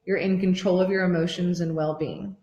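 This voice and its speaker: A woman in her thirties, a life coach giving a motivational workshop pitch, gushing and excitable and swearing freely. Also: fairly quick, reverberant, lo-fi sound. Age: 30s.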